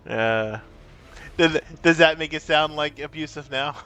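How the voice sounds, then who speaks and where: A man's voice: a little high, takes it slowly, pauses often, pushed and bright, clean tone, faint music behind. A man streaming a card game, chatting casually with his viewers in a playful, rambling way. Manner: breaks into silly sing-song. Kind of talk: casual live-stream chat.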